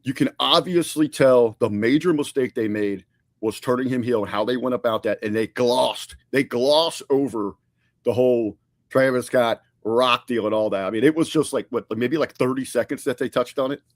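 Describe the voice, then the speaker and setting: A male podcast co-host talks in a loose, conversational way, often restarting his sentences. His voice sits at an ordinary middle pitch. The sound is dry and close, with no room echo. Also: moderate pace. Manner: conversational, many fillers and restarts. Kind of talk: casual podcast review chat.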